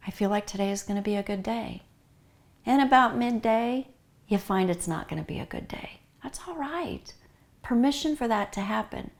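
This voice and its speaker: Earnest North American woman urging gently. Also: medium pitch. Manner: earnest, repetitive, warmly urging. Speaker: pet loss grief speaker. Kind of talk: heartfelt talk to grieving pet owners.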